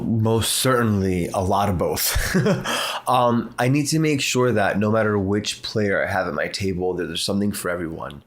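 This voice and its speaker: A man with a fairly low voice talks about running tabletop games. He explains with enthusiasm and animation. His tone stays casual and chatty. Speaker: tabletop game master. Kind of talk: casual livestream chat.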